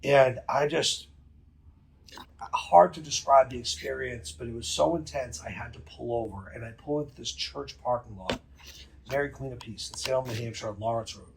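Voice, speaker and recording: A man, telling a story as a podcast guest in a profane, emphatic, rapid way. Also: mid-range voice, creaky, a little hiss or hum. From New England. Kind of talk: casual storytelling.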